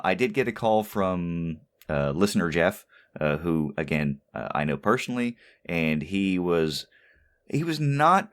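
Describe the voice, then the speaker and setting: A man hosting a casual podcast, easygoing and full of fillers. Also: very deep voice. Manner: easygoing, with many "uh" fillers and chuckles. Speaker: podcast host.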